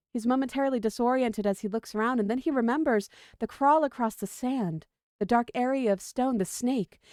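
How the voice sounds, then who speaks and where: A woman reading a long story aloud on a livestream in a steady, even narrating voice, close to the mic. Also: fairly high pitch, no echo.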